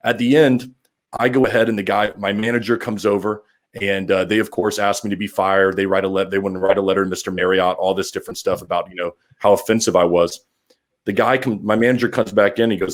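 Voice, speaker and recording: A man hosting a podcast, telling a rambling story with lively acted-out quotes. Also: on the low side, fast. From Orlando area. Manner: rambling, animated, acts out quotes. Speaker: podcast host. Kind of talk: casual storytelling.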